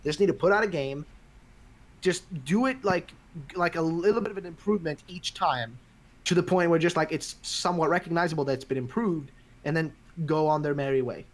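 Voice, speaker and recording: A man's voice: fairly high pitch, brisk. A man hosting a podcast in casual chat, ranting with lots of swearing. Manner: profane, ranting, animated. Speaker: podcast host.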